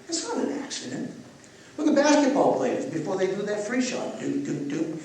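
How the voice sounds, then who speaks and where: An older man leading a guided breathwork session for a live audience, asking gentle questions and slipping in playful jokes. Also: high voice, sing-song, normal speed, slight background noise. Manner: gentle guiding questions, joking asides. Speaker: breathwork teacher. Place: large echoey event space. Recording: echoey, distant live event recording with ambience.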